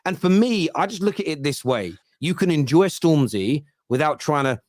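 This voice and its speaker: Cockney man telling animated stories. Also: fairly high pitch, moderate pace, dry recording, studio quality. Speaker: football podcast host. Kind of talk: casual chat.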